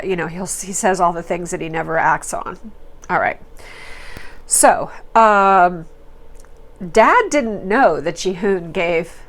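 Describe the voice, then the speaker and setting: A woman hosting a reality TV recap, talking in a chatty, opinionated way with fillers and quoted asides. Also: fairly low pitch. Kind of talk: casual commentary.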